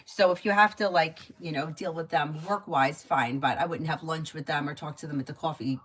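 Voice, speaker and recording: A woman's voice: low-pitched, a little fast, fairly bright tone, slightly rough, poor audio. A woman giving tarot readings on a casual live stream, chatty and advice-giving, with lots of filler words. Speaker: tarot reader.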